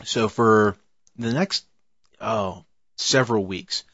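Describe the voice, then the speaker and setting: A man of ordinary pitch telling a rambling story in a casual chat, laughing often and trailing off into fillers. The recording is dry and slightly dull. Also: takes it slowly, fairly bright tone, no room sound. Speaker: podcast co-host telling a story.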